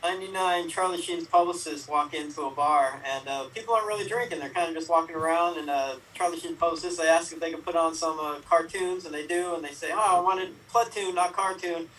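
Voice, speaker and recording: A man's voice: a little high, fast talker, hardly any pauses, a bit bright, distant mic, a little hiss or hum, low-quality recording. A man improv player telling rambling comic bar jokes. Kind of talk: telling quick setup-punchline jokes.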